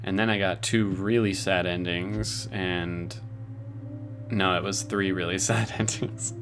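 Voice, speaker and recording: A man's voice: low voice, steady tone, a little slow, music in the background. A man streaming from home, casually chatting with his viewers in a laid-back way and swearing now and then. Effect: robotic voice filter. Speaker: streamer reading chat. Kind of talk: casual live-stream chat.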